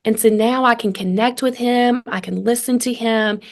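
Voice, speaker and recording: A woman's voice: a little high, normal speed. Earnest woman coach telling family stories. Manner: earnest, animated storyteller who acts out dialogue. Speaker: guest, family communication coach. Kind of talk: conversational interview.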